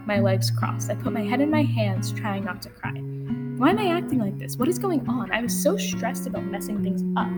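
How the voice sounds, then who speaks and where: A woman's voice: medium pitch, big-room sound. A teenage girl sharing a personal story in an earnest, confessional spoken-word talk. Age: teens. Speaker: student speaker. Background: guitar music.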